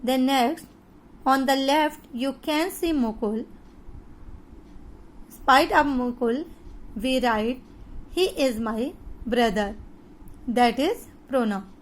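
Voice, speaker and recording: Slow, deliberate explanations broken up by pauses mark this online grammar lesson, taught by a woman with an Indian English accent and a high-pitched voice.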